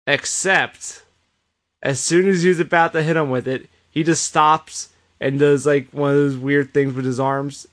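A man co-hosting a podcast, giving an animated casual recap with plenty of swearing. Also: a little high, measured pace. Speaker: podcast co-host. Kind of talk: casual chat.

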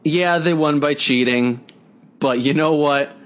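A man's voice: a little high, unhurried. A man co-hosting a casual podcast, blunt and wisecracking, swearing freely. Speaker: podcast co-host. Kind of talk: casual chat.

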